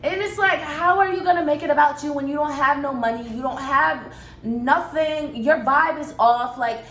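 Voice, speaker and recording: High-voiced young woman telling a story. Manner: animated, profane, blunt storytelling. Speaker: vlogger. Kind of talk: storytime vlog. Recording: roomy echo, faint noise.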